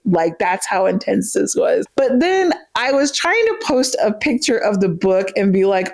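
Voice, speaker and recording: A woman's voice: medium pitch, very animated, a little mellow. A woman hosting a casual book review vlog, gushing and emotional, full of fillers and direct "okay?" asides to her viewers. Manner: speeds up in rushes, then slows right down for emphasis.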